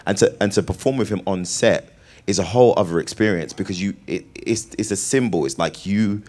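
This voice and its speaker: Deep-voiced British man, laughing and playful. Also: a little fast, a little mellow. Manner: laughing, playful, restarts often. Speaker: actor guest. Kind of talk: animated interview answers.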